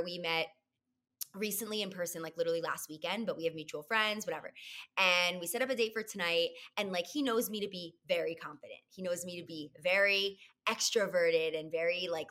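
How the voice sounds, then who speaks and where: A woman's voice: lowish voice, moderate pace, pushed and bright. A young woman guest on a podcast, bubbly and effusive in casual chat.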